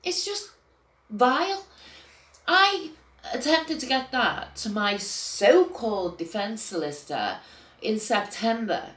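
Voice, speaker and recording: An older woman and grandmother, telling an agitated personal account that swings between quiet and loud outbursts, with swearing. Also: fairly high pitch, lively intonation, slow, roomy sound. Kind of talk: emotional personal account to camera.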